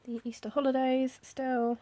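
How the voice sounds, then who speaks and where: A woman, chatting casually about her planner, with soft, self-deprecating asides and frequent fillers. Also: high-pitched, flat delivery, measured pace. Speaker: planner vlogger. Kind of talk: casual chat.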